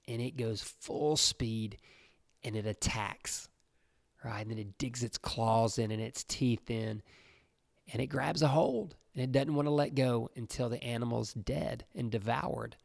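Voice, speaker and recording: Gravelly-voiced man preaching casually. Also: medium pitch, a little slow, no echo, studio quality. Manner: conversational, repeats "right?" and "you know". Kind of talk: casual preaching to young listeners.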